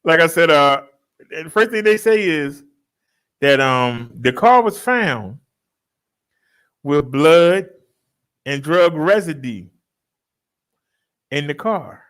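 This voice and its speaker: A man telling a story to his followers in a casual, joking way, laughing often and switching into high mimicking voices. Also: lively intonation, slow pace, pauses often, a bit bright, clear, resonant tone. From Baltimore, US. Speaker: fitness vlogger telling a story.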